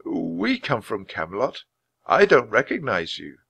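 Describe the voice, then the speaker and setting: A man voicing Sir Lancelot, a hoarse old knight. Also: mid-range voice, wildly swooping pitch, unhurried, pushed and bright, exaggerated voice. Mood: weary. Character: older male knight, weary and hoarse.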